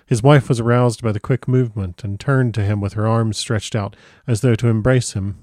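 A man reading a novel aloud in an unhurried, dramatic manner. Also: fairly low pitch, fairly even intonation, a little mellow, no echo, studio quality. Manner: unhurried dramatic reading, stumbles and comments aside. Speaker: audiobook reader.

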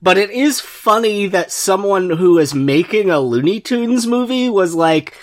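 A man co-hosting a casual comedy podcast, dry and opinionated, quick to crack a joke. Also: sits high, lively intonation. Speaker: podcast co-host.

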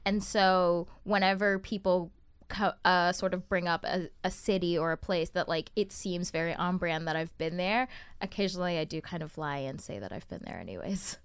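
A young woman co-hosting a podcast, chatting casually and giggling, with quick reactions. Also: on the low side, smooth, dry recording. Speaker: podcast co-host. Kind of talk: casual chat.

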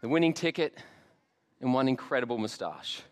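A man's voice: medium pitch, animated, normal speed. An Australian man preaching an Easter sermon in a church, telling stories with jokey asides and lots of animation. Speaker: pastor. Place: church hall. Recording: long hall reverb.

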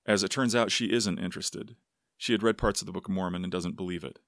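Man reading nervous young ranch hand, earnest, polite, low voice, dry close sound. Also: fairly even intonation, quick pace, a bit bright, no room sound. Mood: earnest, uneasy. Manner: polite, says "sir" to elders.

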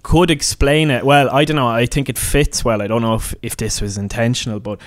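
A man co-hosting a film discussion podcast, speaking casually with a wry tone and pausing to think aloud. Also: mid-range voice, steady tone, dry recording. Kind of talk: casual chat.

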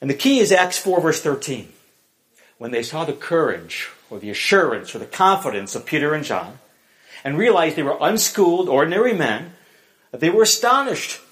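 A man preaching a sermon in a church, his voice sitting a little high and swinging widely in pitch. He delivers it with lively emphasis and fills his pauses with frequent "uh"s. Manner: animated preaching with many "uh" fillers, acts out quoted voices. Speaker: pastor.

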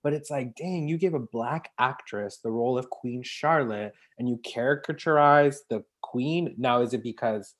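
A woman co-hosting a podcast, chatting casually about a TV show in an animated, rambling way full of fillers and restarts. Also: a bass voice, normal speed, few pauses. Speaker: podcast co-host. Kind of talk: casual chat reviewing a TV show.

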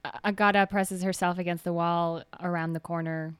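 A woman at a tabletop game, playful with quick quips. Her voice is clear, and the sound is dry and close. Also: lowish voice, steady tone, no room sound. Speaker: player. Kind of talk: casual tabletop play.

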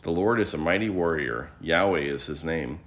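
Deep-voiced man reading morning prayer. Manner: measured, steady recitation. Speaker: liturgy reader.

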